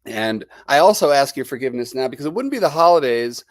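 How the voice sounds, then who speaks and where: A man's voice: medium pitch, very animated, quick pace, dry recording, clean studio sound. Chatty New Jersey man with a cold. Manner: chatty and rambling, greeting viewers. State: has a lingering cold. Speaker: livestream host. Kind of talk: casual live-stream chat.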